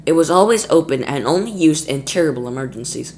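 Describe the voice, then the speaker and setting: Man, storyteller, children's book read-aloud, lively, slight background noise. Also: fairly high pitch, fast talker. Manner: lively, with small slips and restarts.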